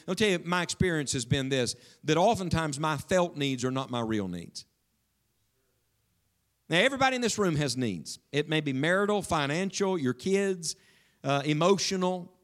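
High-voiced preacher addressing his congregation. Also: animated, moderate pace. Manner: emphatic preaching with sudden drops to a hush; speaks directly to the congregation with questions. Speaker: pastor. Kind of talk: sermon. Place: church sanctuary with congregation.

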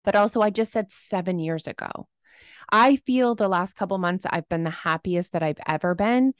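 A woman in her thirties talks through her solo podcast in a chatty, heartfelt way, her voice sitting at a middling pitch. She sounds close to the mic in a dry, dead room. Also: normal speed, no echo. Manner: emotional, chatty, fluctuating energy. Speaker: podcast host.

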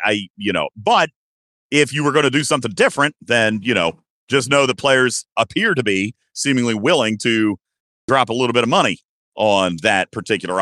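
A man in his thirties hosts a casual podcast with a bright, forceful voice recorded dry and close. He is playful and animated, and his pitch leaps high whenever he gets excited. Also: no room sound. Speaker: podcast host.

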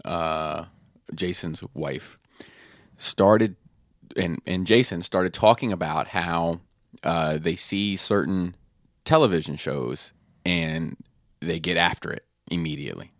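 A man with a very low voice tells a meandering story in casual podcast chat, stacking fillers and cursing along the way. The sound is close and dry, with no room around it. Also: takes it slowly, no echo. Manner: rambling storyteller, swears freely, many fillers. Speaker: podcast host.

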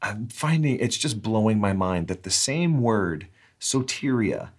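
A pastor gives a heartfelt sermon, pausing and restarting as he searches for words. His voice sits a little low for a man. When he reads scripture, he slows down and lingers over each phrase. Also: sing-song, husky. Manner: earnest, halting with restarts, slows down for scripture reading.

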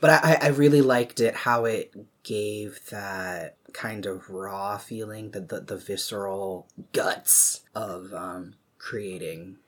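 Husky, rambling podcast co-host. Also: low voice, slow, hardly any pauses. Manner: rambling, hesitant, self-deprecating. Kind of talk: casual book discussion.

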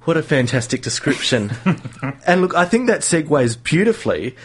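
A man's voice: fairly high pitch, sing-song, normal speed, slightly rough. A man hosting a casual radio science show, chatty, laughing often and using plenty of fillers.

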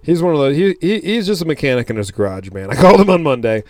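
Podcast co-host, young man, fast and blunt, swears a lot, worn out. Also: fairly high pitch, lively intonation, darkish tone, no echo. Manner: blunt, swears freely, tells stories with quoted dialogue. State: tired, burned out. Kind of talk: casual chat.

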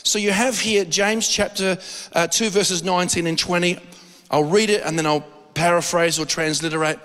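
A man giving a conversational sermon, telling lively, joking stories and acting out quotes. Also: high-pitched, normal speed. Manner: animated storytelling with jokes and acted-out quotes. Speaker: preacher. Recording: long hall reverb.

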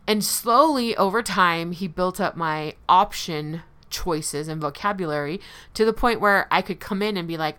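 Female host, candid recovery talk, bright forceful tone, low-ish pitch, self-mocking chuckles. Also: moderate pace. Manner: candid, conversational, laughs lightly at herself. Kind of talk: personal recovery talk to listeners.

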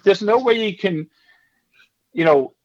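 A man whose voice sits high speaks a little slowly on a lo-fi recording. The former stand-up comedian, in his fifties, tells stories casually in an interview, animatedly acting out the people involved and doing hecklers in character voices.

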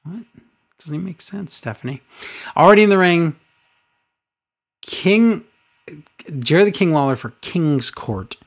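A woman's voice: lowish voice, lively intonation, unhurried, long pauses. A woman co-hosting a casual recap podcast, telling the story with sarcastic exasperation and mocking impressions. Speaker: wrestling recap podcast co-host.

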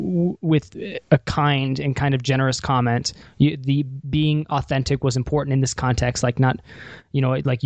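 A man's voice: medium pitch, a little mellow, no echo. A man hosting a podcast in a casual chat, rambling and restarting with many fillers. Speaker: podcast host.

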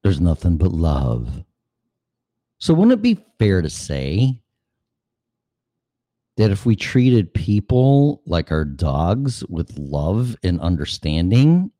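A man's voice: lowish voice, big pitch swings, slow pace, dark tone, no room sound, studio quality. A man hosting a show, ranting sarcastically and cursing, now and then acting out other voices. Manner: acts out voices mid-rant. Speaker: show host. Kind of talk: opinion monologue.

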